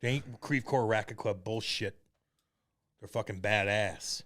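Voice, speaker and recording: Loud profane man bantering on a podcast. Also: fairly low pitch, measured pace. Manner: profane, loud, doing mocking impressions. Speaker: podcast co-host. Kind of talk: rowdy casual banter.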